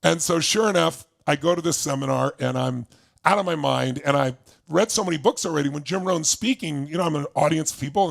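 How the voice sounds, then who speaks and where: A man's voice: on the high side, gravelly. A man giving a motivational talk, telling a personal story with enthusiasm and acting out the other people in it. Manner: enthusiastic, acts out voices in anecdotes. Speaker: motivational speaker.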